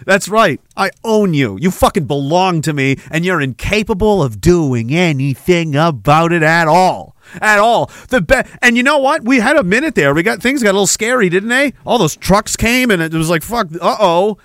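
Male podcast host from Canada, taunting profane rant, slightly high voice, dead-dry sound. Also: animated, normal speed, hardly any pauses, fairly bright tone, no room sound. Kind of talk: ranting political commentary.

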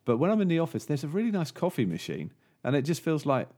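A man's voice: fairly high pitch, big pitch swings, fast, mellow. A man co-hosting a podcast, chatting casually and telling a long, rambling joke with many fillers. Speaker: podcast co-host.

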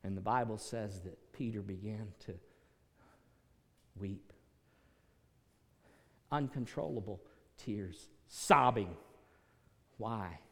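A male pastor preaching a sermon, swinging from quiet, earnest passages to loud, dramatic peaks. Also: on the low side, takes it slowly, pauses often, big-room sound.

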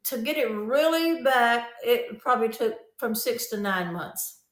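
A woman's voice: on the high side, a little slow, reverberant. A woman guest telling stories in a casual interview, acting out what people said as she goes. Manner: animated storyteller who acts out quoted dialogue. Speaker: guest, author of memoir.

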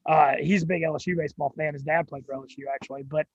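A young man with a Southern drawl and a high, gravelly, somewhat husky voice, telling his story with excited energy and casual cursing. The sound is dry and a little dull, close to the mic. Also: rapid-fire, no echo. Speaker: sports radio and gambling show host, guest.

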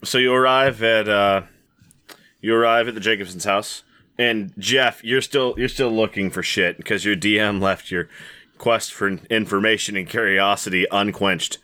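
Bright-voiced, rambling male game master. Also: fairly low pitch, steady tone, moderate pace, clean tone. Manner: casual, rambling, swears. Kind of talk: narrating a tabletop game.

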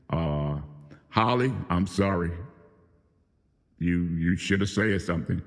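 Deep-voiced man, calling people out by name in an angry, profane monologue, recorded with a long echo. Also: takes it slowly, long pauses. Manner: profane, venting, confrontational, addressing people by name. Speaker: host of his own show.

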